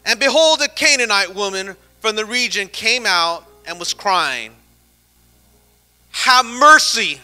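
A male pastor preaching a sermon, rising into fervent, shouted exhortation. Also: sits high.

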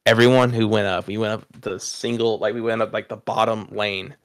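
A man's voice: on the low side, fairly even intonation, brisk, dry recording. A young man telling a rambling, profane story to friends on a podcast, laughing at himself. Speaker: podcast host. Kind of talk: casual storytelling chat.

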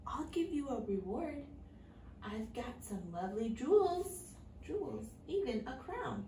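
A woman's voice: big pitch swings, measured pace, dark tone, full character voice. A woman doing a huffy spoiled girl princess. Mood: eager. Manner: huffy, high-pitched and emphatic. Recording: echoey room, far from the mic, faint noise.

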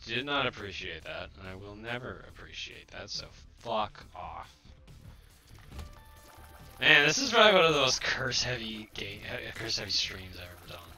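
A man's voice: on the low side, very animated, normal speed, sharp tone, soft background music. A man giving live gameplay commentary, frustrated and swearing at the game, and tired. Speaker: streamer.

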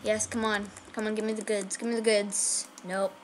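A woman giving chatty, excitable live commentary on her own game, talking straight to her viewers. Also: medium pitch, brisk, slight background noise. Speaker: gaming channel host.

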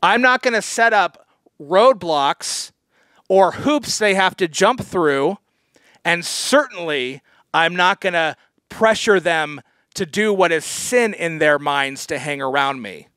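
A man delivers a sermon as pastor, his voice sitting a little higher than most men's. He talks to the congregation conversationally, then presses hard on his key points. The sound is dry and close, with no room echo. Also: expressive, slow pace, bright, forceful tone. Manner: conversational, earnest preaching with sudden emphatic pushes. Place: church.

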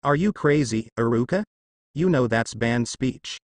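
A man's voice: medium pitch, animated, unhurried, no room sound, clean studio sound, lightly acted. A man voicing a blunt, skeptical young male ninja teacher in a fan story reading.

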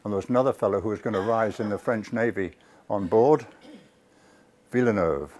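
A man giving a public history lecture to a live audience. He tells the story with lively asides to the listeners and corrects himself mid-word. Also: lowish voice, a little fast, slight background noise. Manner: self-corrects and restarts words.

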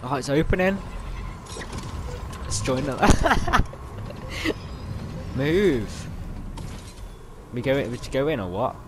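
A young man giving excitable live commentary over his gameplay, yelling at other players and grumbling when things go wrong. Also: mid-range voice, unhurried, long pauses, noisy background. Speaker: gamer. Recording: game sounds loud behind voice.

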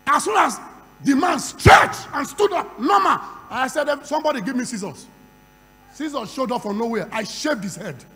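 Man, sermon, call-and-response, speaking in tongues, very high voice, long hall echo. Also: animated, moderate pace, pushed and bright. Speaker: preacher. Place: large hall.

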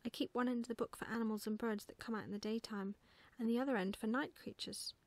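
A gentle young woman speaks in a soft, sweet whisper, kind and patient, as a woman voices her in whispered role-play. The sound is dry and close, with no room around it. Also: on the high side, fairly even intonation, quick pace, no room sound.

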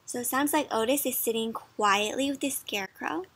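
A woman reading a picture book aloud to children, pausing to ask gentle questions. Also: on the high side, slightly rough, no room sound. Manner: gentle, asks the listener questions. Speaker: children's storybook reader. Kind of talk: interactive read-aloud for kids.

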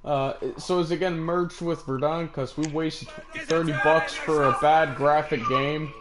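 A man chats through an online shooter match with a friend, bragging and cracking jokes in a slightly high voice. The recording carries clear background noise under his talk. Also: steady tone, a little slow. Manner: joking, boastful trash talk. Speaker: gamer streaming a match. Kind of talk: casual gameplay chat.

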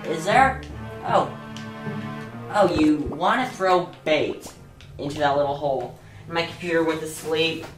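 A woman gives casual let's play commentary, chatting to herself and breaking into sudden excited yelps. Her voice is low and her talk is unhurried. It is recorded in an echoey room with game music under it.

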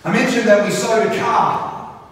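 High-voiced pastor in echoey hall. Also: male voice, a little slow. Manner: animated storytelling with frequent restarts. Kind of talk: sermon. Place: large church hall. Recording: echoey hall, distant mic, faint hiss.

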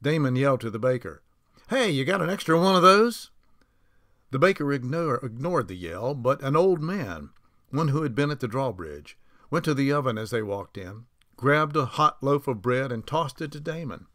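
A man narrating a novel aloud, reading unhurried with small slips and restarts. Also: mid-range voice, animated, fairly bright tone, dry recording, studio quality. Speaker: audiobook narrator.

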